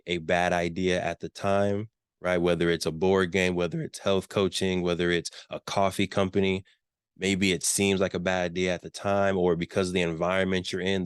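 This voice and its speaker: A man's voice: low-pitched, clear, resonant tone, no echo, clean studio sound. A man giving a business workshop talk, emphatic, repeating key questions and checking in with his listeners. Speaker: workshop presenter.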